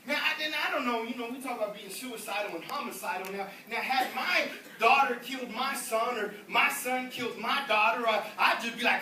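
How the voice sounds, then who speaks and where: A man evangelist preaching a sermon in an animated, repetitive style, mixing in comic stories. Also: very high voice, normal speed, hardly any pauses. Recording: echoey hall, distant mic, congregation.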